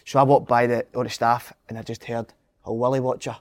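A man's voice: medium pitch, flat delivery, brisk, darkish tone. A man, a former footballer telling stories in a casual chat, laughing along as he goes. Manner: laughs through his own stories, sweary.

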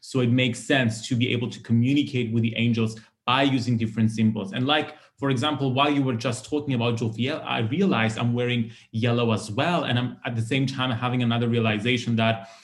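An effusive man hosts a podcast and chats casually with his guest. His voice sits at an ordinary middle pitch, and he talks with eager enthusiasm. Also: fairly even intonation, fairly quick, few pauses. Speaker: podcast host. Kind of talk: casual interview chat.

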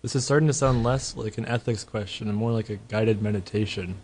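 Podcast co-host, male, warm low-key tone, playful banter. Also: fairly quick, poor audio. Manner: joking, leads a mock guided meditation. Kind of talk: casual chat.

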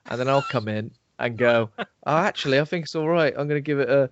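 A man's voice: mid-range voice, brisk, no echo, close to an everyday voice. A man doing a teasing, mock-earnest imitation of his male co-host on a podcast, recorded dry and a bit dull.

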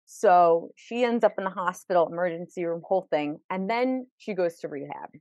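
A woman's voice: on the low side, normal speed, darkish tone, no room sound, dull audio. A woman guest on a podcast, telling a vivid personal story and acting out the people in it, often repeating words as she goes. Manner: vivid, acts out quoted people; repeats words when emotional.

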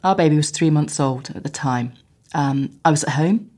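A woman interviewed in a hotel room, recalling events calmly and reflectively with hesitant pauses. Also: deep voice. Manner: calm, reflective, with hesitant fillers. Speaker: interviewee recounting her marriage. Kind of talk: personal interview recollection.

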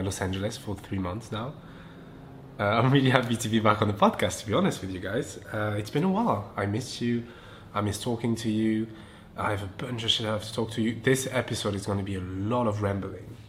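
A man's voice: on the low side, slight background noise. A man with a French accent, hosting a solo podcast and chatting casually, swearing freely, laughing often and drifting onto tangents. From France. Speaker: podcast host. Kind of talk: rambling solo podcast chat.

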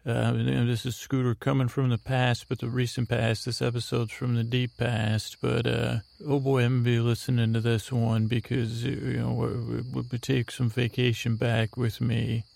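A man hosting a sleep podcast in a soft whisper, rambling and interrupting himself while out on a night walk. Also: mid-range voice, little pitch movement, normal speed, gravelly, hardly any pauses. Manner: whispering, meandering and self-interrupting. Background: crickets chirping.

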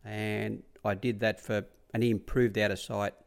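A man's voice: fairly low pitch, level tone, normal speed, gravelly, clean tone. A man with an Australian accent recalls his time as a track rider in a casual, rambling way. He keeps repeating "he said" and "I said" as he tells his stories. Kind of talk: casual anecdotal storytelling.

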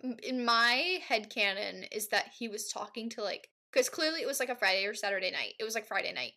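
A woman's voice: a little high, lively intonation, fairly quick, sharp tone. A woman co-hosting a podcast, chatting playfully and joking, with lots of "like". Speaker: podcast co-host. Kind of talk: casual chat recapping a movie.

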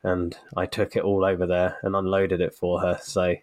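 Man, low voice, podcast co-host, casual chat, rambling with fillers and restarts. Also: completely flat delivery, moderate pace, a little mellow. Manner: chatty, anecdotal, many fillers and restarts. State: recovering from a cold.

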